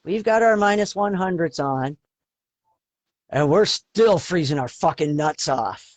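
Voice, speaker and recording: A man from Eastern Canada with a Canadian accent, talking loosely and profanely as a podcast co-host. His voice sits high for a man, and the sound is dry with no room around it. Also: lively intonation, a little slow, dry recording. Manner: profane, rambling storytelling with frequent swearing. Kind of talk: casual chat.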